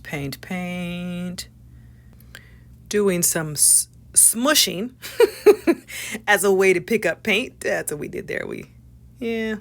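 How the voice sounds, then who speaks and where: A bubbly woman talks through a craft project in a chatty, excitable way. Her voice sits a little low for a woman, and she slips into a soft whisper for quick apologies and asides. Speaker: craft tutorial host. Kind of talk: casual crafting demonstration.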